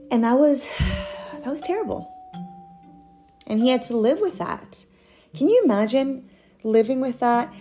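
A young woman giving a casual, earnest devotional Bible teaching, chatty with light laughs between points. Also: medium pitch. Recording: soft guitar music behind.

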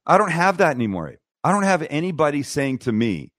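A middle-aged cooking show host from TV and YouTube talks fairly quickly in a slightly high voice as a guest on a podcast. Blunt and animated, he acts out the people in his stories throughout the casual interview. His studio microphone picks up no room sound.

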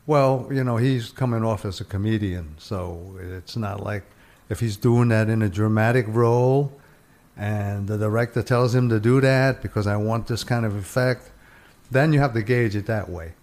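A man in a casual group discussion, explaining his views in a measured way. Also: on the low side, darkish tone.

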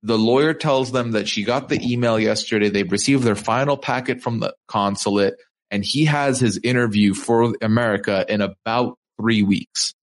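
A man's voice: lowish voice, normal speed. A man co-hosting a podcast, recapping events in casual chat and quoting people as he goes. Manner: storytelling, quoting people in conversational asides. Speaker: podcast co-host.

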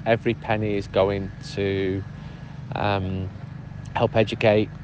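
A man's voice: on the low side, little pitch movement, slow pace, highs cut off. Chatty man recording outdoors by traffic. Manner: chatty, easygoing storytelling. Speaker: podcast contributor sending a voice update. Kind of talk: casual spoken update.

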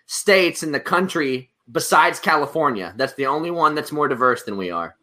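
A man's voice: on the high side, expressive, normal speed, bright, forceful tone. A man chatting casually as a podcast guest, easygoing and joking.

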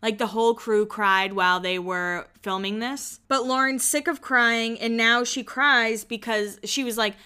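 A woman hosting a podcast, recapping reality TV in a chatty, snarky, animated way. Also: on the high side, unhurried, hardly any pauses, clear, resonant tone. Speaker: podcast host. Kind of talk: casual reality-TV recap chat.

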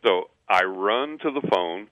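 A man's voice: deep voice, lively intonation, unhurried, fairly bright tone, dry recording. A man telling a long personal story, acting out what people said, repeating words and laughing now and then. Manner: acts out quotes, repeats words, laughs mid-sentence. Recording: tinny phone line on radio.

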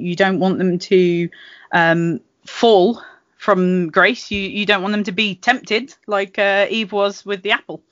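Bright-voiced, giggly British woman. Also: on the low side, no room sound, muffled recording. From Britain. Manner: giggly, rambling, frequent laughs and restarts. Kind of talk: casual chat.

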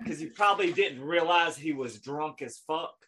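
A man with a drawl and a bright, forward voice, sitting a little high in his range. He talks loosely among friends and breaks into quoted movie lines with gusto. The delivery is relaxed, rambling chat. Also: normal speed, a little hiss or hum. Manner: animated storyteller, acts out movie lines. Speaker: podcast co-host. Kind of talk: casual chat.

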